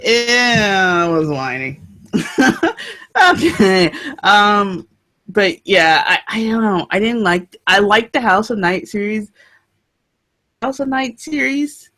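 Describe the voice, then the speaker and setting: A woman's voice: medium pitch, expressive, takes it slowly, a bit bright. A woman co-hosting a book show in casual chat, chatty and laughing often, trailing off mid-sentence.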